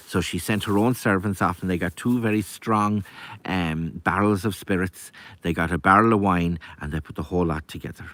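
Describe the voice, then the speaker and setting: A man telling a folk tale in a lively, chatty way with asides. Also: sits low, moderate pace. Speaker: storyteller. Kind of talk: oral folk storytelling.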